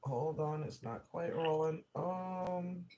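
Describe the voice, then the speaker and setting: A woman's voice: sits low, takes it slowly, warm tone, slight background noise. A woman co-hosting a casual live-stream chat, talking in a wry, joking, plain-spoken way. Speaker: co-host.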